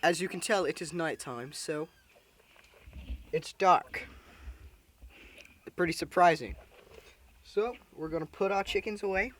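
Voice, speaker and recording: A man's voice: on the high side, measured pace, pauses often, fairly bright tone. A man giving a joking farm tour outdoors at night in a mock Australian accent, filmed while walking. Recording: noisy outdoor recording.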